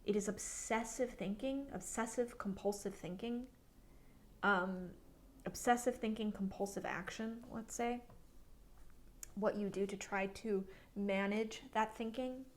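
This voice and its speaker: A woman giving a monthly tarot reading, musing aloud with frequent restarts and fillers, sometimes dropping into soft near-whispers. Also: mid-range voice, fairly even intonation, measured pace. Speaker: tarot reader.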